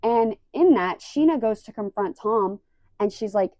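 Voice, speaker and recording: A young woman casually recapping a reality show, animated and acting out the quoted lines. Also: mid-range voice, a little slow, dry recording. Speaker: recap vlogger.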